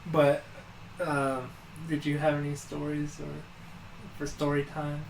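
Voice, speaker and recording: A man's voice: fairly high pitch, monotone, slow pace, echoey room, slight background noise, rough recording. A man co-hosting a podcast, telling a long childhood story in casual chat, full of fillers and restarts. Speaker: podcast co-host.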